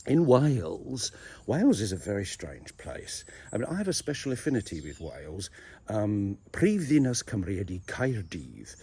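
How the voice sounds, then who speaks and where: Deadpan, lively man. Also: on the low side, slight background noise. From southern England. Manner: mock-serious, rambling, animated. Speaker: video blogger. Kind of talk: deadpan comic monologue. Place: outdoors in a churchyard.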